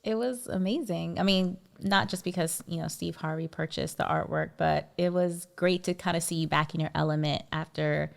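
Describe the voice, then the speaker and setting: A woman co-hosting a casual podcast, speaking in a relaxed, reflective way. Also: on the low side, moderate pace, creaky, few pauses. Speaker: podcast co-host.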